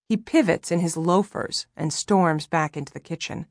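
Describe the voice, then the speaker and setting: A woman reading a first-person novel aloud in a low voice, with a wry, measured delivery. The recording is close and dry, with no room sound. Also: no echo. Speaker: audiobook narrator.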